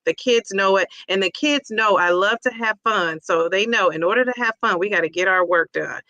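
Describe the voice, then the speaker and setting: A bright, forward-voiced woman talks straight to her viewers in a casual, encouraging vlog. Her tone is upbeat and positive, and her thoughts come in quick bursts with restarts. The sound is dry and close, with no room around it. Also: mid-range voice, no room sound, dull audio. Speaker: teacher and weight-loss vlogger.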